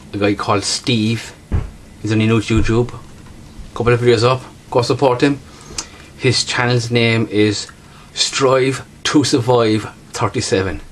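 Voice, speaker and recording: A man's voice: medium pitch, noisy background. A man with a strong regional accent, chatting casually through an unboxing as a bushcraft vlogger and repeating himself often.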